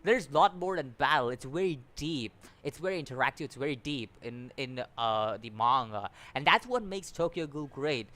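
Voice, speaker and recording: A man's voice: mid-range voice, expressive, moderate pace, hardly any pauses, sharp tone. A man giving a casual, rambling review, often restarting his sentences and sounding exasperated. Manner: rambling, repeats words, many restarts and fillers; exasperated, complaining. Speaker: anime reviewer.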